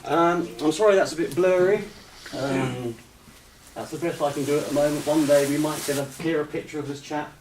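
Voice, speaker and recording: A man giving a slide presentation to an audience, hesitant with many ums, relaxed and gently humorous. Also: a little high, fairly quick. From United Kingdom. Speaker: lecturer. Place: retreat lecture room with audience. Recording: roomy echo, distant mic, faint hiss.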